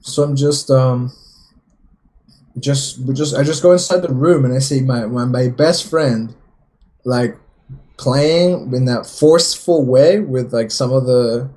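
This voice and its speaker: A man's voice: medium pitch, takes it slowly, mellow. A young man from Peru telling a story in casual podcast chat, rambling with many filler words and swearing. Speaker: podcast co-host.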